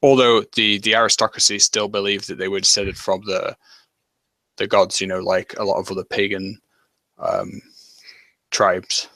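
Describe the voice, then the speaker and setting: Bright-toned man musing in abstractions. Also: lowish voice, little pitch movement, normal speed, no room sound. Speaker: hangout guest. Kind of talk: casual chat.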